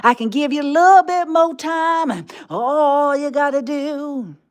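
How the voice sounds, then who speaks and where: A woman's voice: high voice, unhurried. A woman streaming live, delivering a mocking monologue as a tempter, drawling with laughs and whispered asides.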